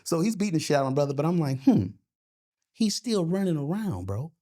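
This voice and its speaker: A middle-aged man spins a profane, lively story in a casual interview. His voice jumps around in pitch as he gets worked up. He keeps checking in with the listener as he talks. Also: brisk. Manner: profane, animated storyteller with frequent "you know what I'm saying". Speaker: boxing and MMA coach, guest.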